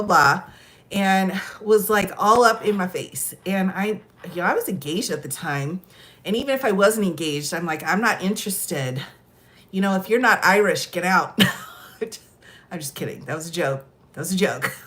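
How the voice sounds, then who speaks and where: A middle-aged American woman telling stories in a casual chat, laughing often and animated. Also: mid-range voice. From United States. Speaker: host.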